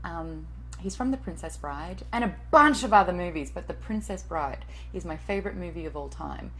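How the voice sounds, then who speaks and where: A woman's voice: fairly low pitch, expressive, normal speed, fairly bright tone, slight background noise, rough recording. Chatty self-mocking woman host. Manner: chatty, self-deprecating, swears casually. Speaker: TV and radio host, voice-over artist. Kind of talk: answering interview questions.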